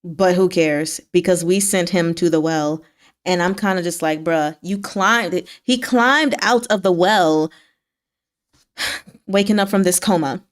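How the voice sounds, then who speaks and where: A woman casually recapping novel chapters for her book club, animated and laughing, acting out the characters' lines. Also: on the low side, a little slow.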